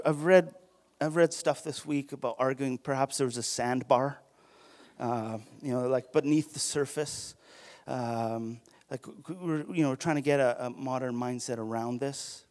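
A man preaching a conversational, earnest sermon, often restarting his sentences and acting out quick quoted exchanges. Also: mid-range voice, a little mellow. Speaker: pastor.

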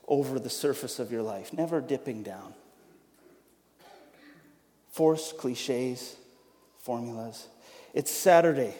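A man preaching an Easter sermon, reading scripture and then talking in a lively, joking way with frequent restarts. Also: medium pitch. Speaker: pastor. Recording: long hall reverb.

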